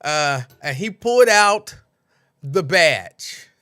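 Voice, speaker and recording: A man hosts a casual late-night livestream. His voice sits a little high, bright and forceful. He talks in loose, animated bursts and keeps repeating lines. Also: slow, clean tone. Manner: animated, laughing, repeats lines, mimics others. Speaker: host.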